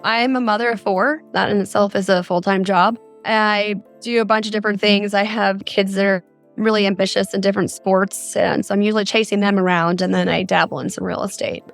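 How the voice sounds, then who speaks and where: A woman's voice: mid-range voice, steady tone, brisk, gravelly, soft background music. A woman, a mother of four, recounting a frightening phone call in earnest detail as a podcast guest. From Arizona. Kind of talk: podcast interview, recounting a story.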